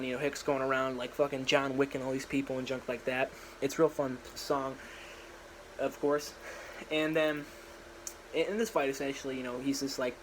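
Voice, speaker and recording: A man's voice: mid-range voice, a little hiss or hum, rough recording. A young man casually rambling through his own story idea in a slangy, filler-heavy monologue, recorded in a small room at home.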